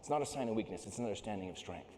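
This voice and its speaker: Animated man giving a keynote in a hall. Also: fairly low pitch, racing. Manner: animated, joking storyteller. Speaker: keynote speaker. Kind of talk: motivational keynote speech. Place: large conference hall. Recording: echoey hall with long reverb.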